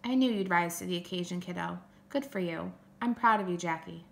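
A woman's voice: on the low side, brisk, creaky, slight background noise. A woman voicing a firm but caring mother in a storybook reading. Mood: gentle. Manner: firm, scolding. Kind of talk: audiobook character reading.

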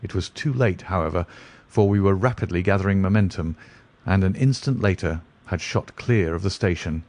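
A man narrating a classic detective story in a steady, even reading voice. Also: sits low, moderate pace.

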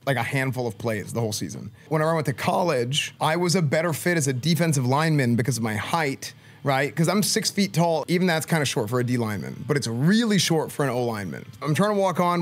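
A man, a streamer, telling a story in casual talk, animated and full of filler words. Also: on the high side, quick pace. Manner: animated, lots of filler "like", acts out quoted speech.

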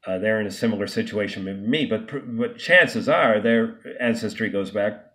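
Low-voiced man, indignant vlog monologue. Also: normal speed, fairly bright tone. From United States. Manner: emphatic, indignant, with frequent restarts and stumbles. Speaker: vlogger. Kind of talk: unscripted monologue to camera.

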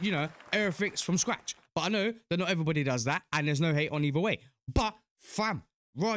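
Young British man, reaction host, hyped and slangy, high bright voice that leaps around a lot. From United Kingdom. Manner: hyped, slangy, full of cheers. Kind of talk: excited casual commentary.

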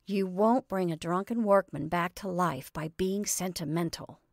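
A woman's voice: on the low side, a little slow, darkish tone, dry recording. Impatient older sister, scolding, dismissive, firm, read by a woman, dry sound.

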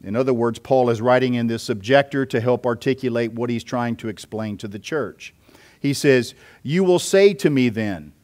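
A man's voice: mid-range voice, a little mellow. A man, a pastor, preaching an expository sermon and explaining scripture step by step, with occasional fillers.

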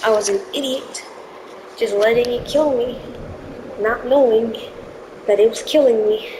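A woman's voice: on the high side, a little slow, background noise. A woman giving live gameplay commentary, jumpy and easily spooked, yelping in panic. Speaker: gaming video creator.

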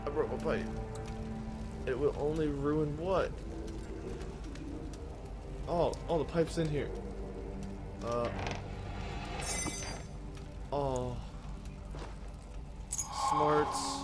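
A man's voice: on the high side, steady tone, very slow, long pauses. Jumpy young man yelping at a horror game. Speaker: let's play gamer. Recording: game music playing loudly behind.

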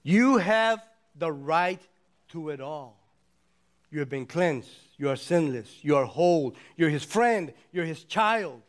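High-voiced older man preaching slowly. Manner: swings from slow, hushed emphasis to excited shouting; repetitive, rhythmic preaching cadence. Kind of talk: sermon.

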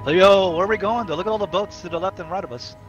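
A man's voice: high voice, rapid-fire, highs cut off, faint music behind. A man playing a game with friends, chatting casually and laughing often. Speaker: co-player. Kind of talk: casual gaming chat.

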